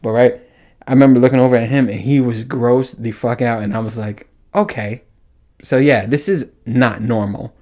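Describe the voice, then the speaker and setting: A man's voice: medium pitch, fairly even intonation, normal speed, warm tone. A young man hosting a podcast in a casual monologue, crude and joking, laughing often. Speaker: podcast host.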